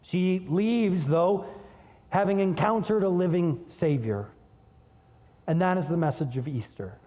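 A man preaching a sermon as pastor, conversational and energetic, dropping low and soft when reading scripture. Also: a little slow, long reverb tail.

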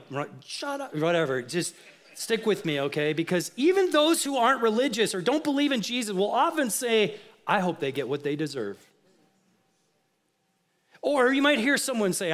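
A man preaching with a high, bright-edged voice that leaps and plunges across a wide range. He fires rhetorical questions at his listeners, then drops to hushed, low asides. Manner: rhetorical questions, rising to emphatic outrage then dropping low. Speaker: pastor. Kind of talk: sermon.

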